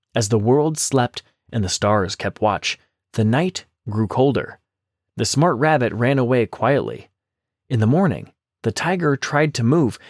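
A man narrating a children's storybook in a lively, expressive scripted reading. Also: mid-range voice, no room sound, studio quality.

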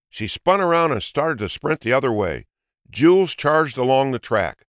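A man narrating a children's storybook in an expressive, lilting way. His mid-pitched voice moves a lot, and the recording is close and dry with no room sound. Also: normal speed, no room sound.

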